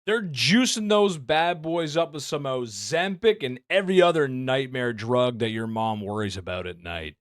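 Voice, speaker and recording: A man giving casual reaction commentary, excitable and joking, throwing in rapid asides. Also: medium pitch, no echo, clean studio sound. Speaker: commentary YouTuber.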